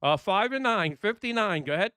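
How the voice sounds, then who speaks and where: A man's voice: sits high, animated, brisk, noisy background. A man with a New York accent running chatty, easygoing ham radio contacts. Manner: chatty, easygoing, laughs often. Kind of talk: casual on-air radio contacts.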